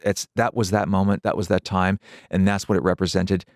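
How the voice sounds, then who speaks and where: A middle-aged man speaks as a guest in a radio interview. His voice sits low, and he thinks aloud and restarts phrases. The studio sound is dry and close. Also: level tone, brisk, a little mellow, no room sound. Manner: thoughtful, repeats words, laughs easily. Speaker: guest, pop producer and pianist.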